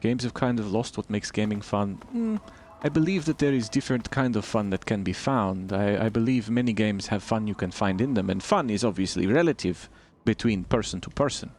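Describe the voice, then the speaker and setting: A man's voice: lowish voice, lively intonation, a little fast, hardly any pauses, a little mellow, a little hiss or hum, close to an everyday voice. A man playing a nameless stranger with a put-on generic Eastern European accent and broken English, chatting while he games. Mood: opinionated. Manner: broken English, dropped articles, blunt opinions. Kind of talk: joking accent bit while gaming.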